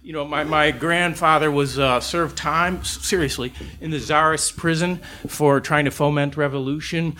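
An older man with a high voice for a man tells a rambling, salty story on stage. He trips and restarts often and drops swear words as he goes. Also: fairly even intonation, normal speed, hardly any pauses, pushed and bright. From Chicago's South Side. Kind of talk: live storytelling.

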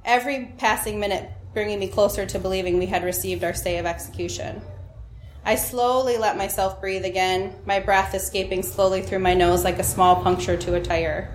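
A woman's voice: mid-range voice, steady tone, normal speed, roomy sound, slight background noise. A woman telling a personal story to an audience, wry and self-mocking, often laughing at her own lines.

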